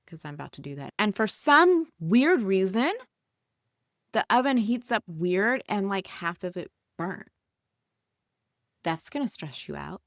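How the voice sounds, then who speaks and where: A woman's voice: low-pitched, fairly bright tone, no room sound, studio quality. A woman hosting a podcast, talking casually and soothingly as she guides listeners through breathing. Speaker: podcast host and coach.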